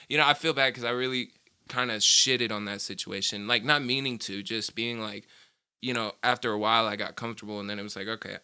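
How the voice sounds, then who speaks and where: A man's voice: medium pitch, bright, forceful tone, smooth. A young man telling stories from his past in a rambling, profane, casual chat, laughing often. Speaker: vlogger.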